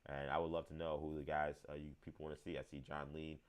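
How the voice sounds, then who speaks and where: Man, 30s, very deep voice, casual livestream host, rambling, lots of fillers. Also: level tone, fast, clean tone. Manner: rambling, many fillers and restarts, reads chat aloud. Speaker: show host.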